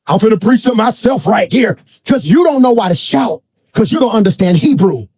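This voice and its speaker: A man preaching a sermon to a congregation in church, swinging between shouted, sing-song lines and folksy, colloquial storytelling with asides. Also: extremely high pitch, lively intonation, fairly quick, dry recording. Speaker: pastor.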